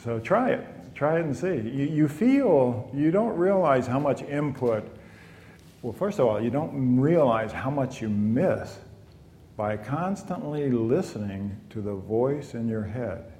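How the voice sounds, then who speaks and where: A man teaching meditation to a class in a calm, conversational talk, often saying "you know". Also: medium pitch, unhurried, a little hiss or hum. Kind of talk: informal spoken talk to a class. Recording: echoey hall with long reverb.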